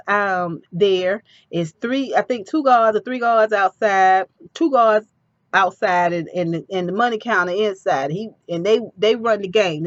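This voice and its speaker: A woman giving a casual, animated recap of a TV episode with personal asides. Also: mid-range voice, no echo, highs cut off.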